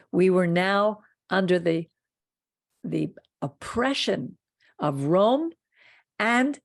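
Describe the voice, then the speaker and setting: A woman's voice: lowish voice, darkish tone, no room sound, clean studio sound. A woman hosting a Torah study talk, speaking earnestly and with emphasis. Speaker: host of a Torah study program. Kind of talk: teaching talk and closing blessing.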